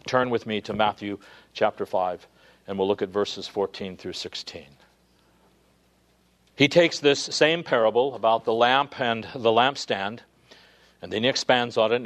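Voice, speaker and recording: A man preaching a sermon with earnest emphasis, his voice rising loud and high at key points before falling to a hush. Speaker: pastor.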